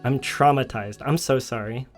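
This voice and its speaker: A man's voice: mid-range voice, moderate pace, faint music behind. A streamer telling a story in casual chat, laughing often as he talks. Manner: giggly storytelling.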